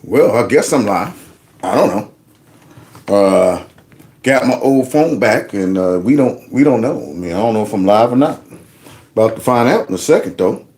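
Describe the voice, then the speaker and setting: A man's voice: lowish voice, lively intonation, normal speed, darkish tone. Joking man hosting a livestream. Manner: loose, joking, folksy. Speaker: livestream host. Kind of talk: casual live commentary.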